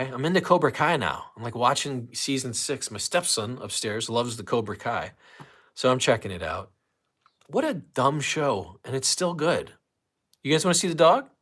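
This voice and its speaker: Nefesi kesilmiş, geveze yaşlıca adam. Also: male voice, medium pitch, a bit bright. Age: older. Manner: rambling, jokey, talks to chat. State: out of breath. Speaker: livestream host. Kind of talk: casual livestream chat.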